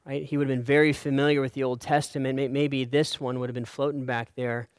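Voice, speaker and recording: A man preaching a sermon in an earnest way, often checking in with "right?" and letting his voice fall soft on key lines. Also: medium pitch, little pitch movement, fast talker, clear, resonant tone, no room sound, clean studio sound. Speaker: pastor.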